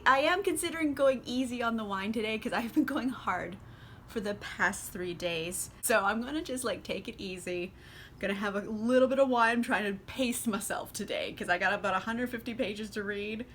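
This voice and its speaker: A woman's voice: medium pitch, a bit bright, slight background noise. A young woman vlogging about a book over wine, in a chatty, sarcastic manner full of "like". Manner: chatty and sarcastic, heavy use of "like"; drinking wine while talking. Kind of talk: casual chat.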